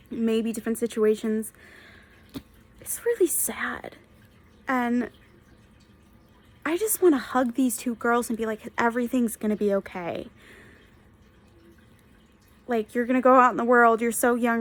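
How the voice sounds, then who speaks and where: A young woman talking through her reactions to a book in a casual vlog, earnest and emotional, rambling and restarting her sentences as she goes. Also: a little high. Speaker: book vlogger. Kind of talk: casual reading vlog update.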